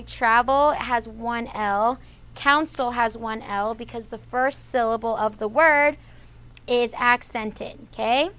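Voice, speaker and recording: A woman's voice: on the high side, pushed and bright, rough recording. A woman teacher running a classroom lesson on vocabulary and spelling rules. She explains patiently and checks in with "okay?" after nearly every point.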